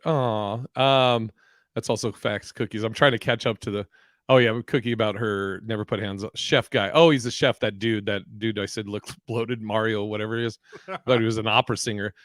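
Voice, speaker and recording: A man's voice: fairly low pitch, fairly even intonation, normal speed, fairly bright tone, dry recording, clean studio sound. Profane, rambling man on a podcast. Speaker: podcast co-host. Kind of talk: casual live-stream chat reading comments.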